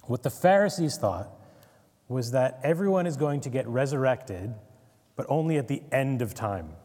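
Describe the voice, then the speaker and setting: Mellow-voiced man teaching in a reverberant hall. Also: medium pitch, lively intonation, normal speed. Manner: conversational, asks "right?" often, wry asides. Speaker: Bible teacher. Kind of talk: casual Bible study lecture.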